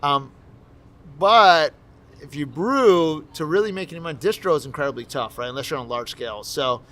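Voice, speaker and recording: A man who owns a brewery, telling stories casually in an interview, relaxed and profane, laughing as he talks. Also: on the high side, moderate pace. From Miami, USA. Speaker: brewery owner, interview guest. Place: his brewery.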